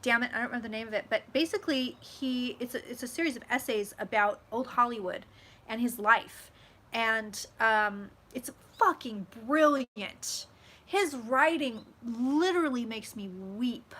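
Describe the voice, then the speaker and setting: A woman's voice: on the high side, expressive, moderate pace, bright, forceful tone. A young woman hosting a casual live vlog from home, chatty and gushing, swearing freely as she reads viewer comments. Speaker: psychic vlogger. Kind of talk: casual live-stream chat.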